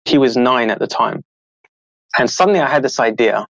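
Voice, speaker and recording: A middle-aged man, an author and show host, telling a story in a casual, animated way and acting out the people he quotes. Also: mid-range voice, moderate pace, gravelly, dry recording, lo-fi sound. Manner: animated, acts out quoted voices, laughs often.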